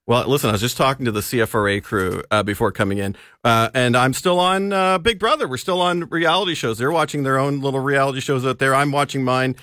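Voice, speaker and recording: Man, radio movie reviewer, casual chat, laughs easily, middle pitch, dry close studio sound. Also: fast talker, hardly any pauses, a bit bright, no echo. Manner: laughs often, easygoing. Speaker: entertainment reviewer.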